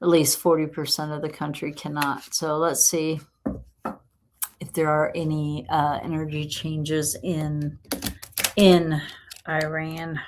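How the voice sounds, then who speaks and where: A woman with a low, deep voice gives a casual live tarot reading. She talks slowly and warmly encouraging, chatting to viewers and laughing often. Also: flat delivery, background noise. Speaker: tarot reader host.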